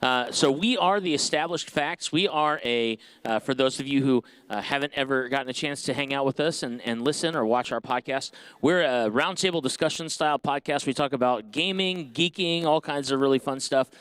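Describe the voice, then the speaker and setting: A man hosting a live podcast panel on a convention stage, wandering around his point with lots of hesitations. His voice comes through smooth and clear, with a dry, close sound. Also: mid-range voice, normal speed, hardly any pauses, a bit bright, dry recording. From Indianapolis, USA. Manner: rambling, heavy with fillers. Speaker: podcast host.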